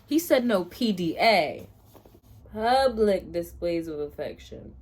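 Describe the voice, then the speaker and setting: Animated, exasperated woman reacting to a book. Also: fairly low pitch, takes it slowly. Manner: dramatic, exasperated, laughs often. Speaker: book vlogger. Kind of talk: casual reading vlog reactions.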